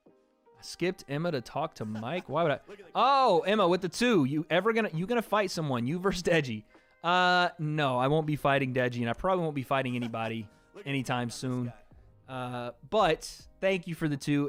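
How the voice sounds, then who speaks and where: A man's voice: fairly high pitch, lively intonation, normal speed, a bit bright, soft background music. Give me a laid-back young man reading stream donations. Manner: laid-back, laughs often, swears casually. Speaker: livestream host reading donations. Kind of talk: casual livestream chat.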